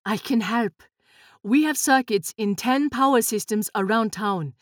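Firm, steady woman ally, read by a woman. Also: fairly high pitch, unhurried, no echo, studio quality, lightly acted.

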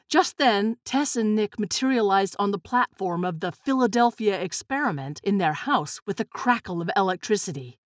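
A woman narrating a storybook in a measured, expressive reading. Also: mid-range voice, dry recording, clean studio sound.

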